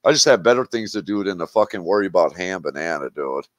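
Low-voiced man from Wisconsin, dry sound. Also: animated, quick pace, no echo, lo-fi sound. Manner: blunt, profane, mocking. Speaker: livestream host. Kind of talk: casual livestream chat.

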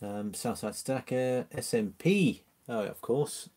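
A man's voice: mid-range voice, takes it slowly, breathy edge. A man hosting a casual live stream from home, reading viewer comments aloud, greeting people by name and chuckling between messages. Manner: chatty and relaxed, greets viewers and chuckles often. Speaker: livestream host.

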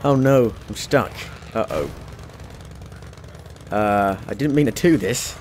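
A man's voice: fairly low pitch, slow pace, a little mellow, a little hiss or hum. Chatty British man playing a game. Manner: chatty, talks to game characters, yelps when things go wrong. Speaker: let's play gamer. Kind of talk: gameplay commentary.

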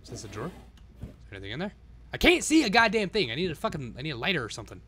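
A man's voice: a little high, big pitch swings, racing, a bit bright, husky. A man streaming himself playing a game, swearing constantly and talking to himself as he goes. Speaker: live streamer. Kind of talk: live-stream gameplay commentary.

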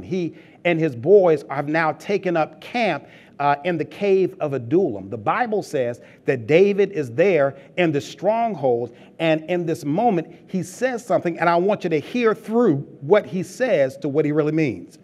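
A man's voice: a little high, darkish tone. A man preaching a sermon as pastor, talking in a loose, joking way and calling out to the congregation as it laughs. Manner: humorous, conversational preaching with call-outs to the congregation.

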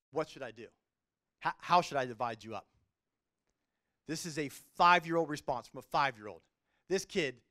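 Brief: middle-aged man, judge giving a faith talk, high voice, earnest animated storyteller. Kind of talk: faith-based speech to a business group.

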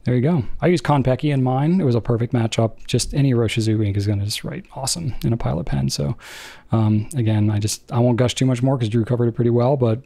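A man co-hosting a podcast in relaxed, joking casual chat, full of fillers. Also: medium pitch, fast, vocal fry. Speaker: podcast co-host.

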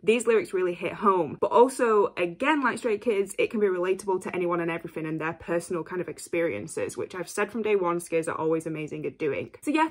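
Woman host reacting on camera, casual and effusive, prone to excited outbursts. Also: mid-range voice. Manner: gushing, apologetic, quick bursts of excitement.

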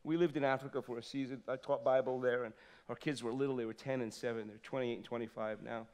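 A man in his fifties preaching a sermon in a church, swinging from loud exclamations to soft asides. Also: mid-range voice, steady tone, quick pace. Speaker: pastor. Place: church sanctuary.

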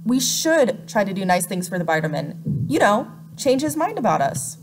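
Woman voicing calm, take-charge eldest sister. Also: mid-range voice, normal speed, slight background noise. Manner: calm, steady, takes charge. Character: thoughtful eldest sister, organized leader.

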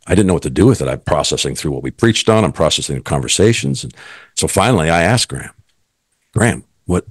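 A man's voice: very deep voice, husky, no echo, studio quality. A middle-aged man, a guest, earnestly telling his personal faith story and quoting what others said.

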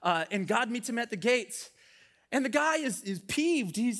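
A young man delivers a sermon with a high, bright voice. He tells stories with animated energy and acts out the voices of the characters in them. His delivery is lively and conversational. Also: a little slow. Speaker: young adult pastor. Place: church hall.

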